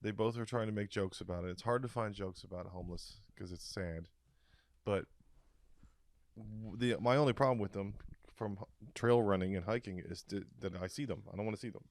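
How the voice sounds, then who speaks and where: Low-voiced deadpan man joking around. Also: fairly quick, no room sound. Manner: dark deadpan joking, rambling asides. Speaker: podcast co-host. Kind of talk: casual comedic chat.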